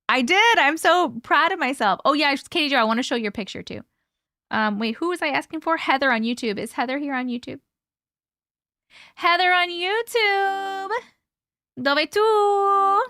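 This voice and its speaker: A high-pitched, bright-toned woman chats casually on a live stream, laughing and swearing as she talks to viewers. The sound is dry and close. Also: animated, a little fast, no room sound. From part Italian heritage, American. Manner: chatty, swearing, giggly. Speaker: host reading viewer stories.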